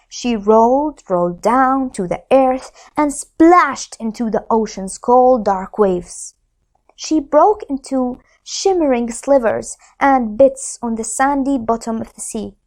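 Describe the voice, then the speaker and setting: High-voiced teacher reading a story slowly. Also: female voice. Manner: slow, expressive read-aloud. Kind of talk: reading a storybook aloud to children.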